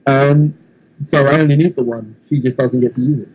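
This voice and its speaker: A man's voice: mid-range voice, steady tone, fairly quick, darkish tone, dull audio. A man from England with a London accent, laid-back and casually swearing in a chat. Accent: London English.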